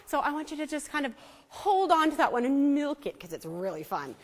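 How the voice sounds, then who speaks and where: A woman's voice: high-pitched, sing-song, fairly quick. A woman leading a church music lesson, coaxing and demonstrative as she teaches a group to sing psalms. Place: church hall. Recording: echoey hall with faint singing behind.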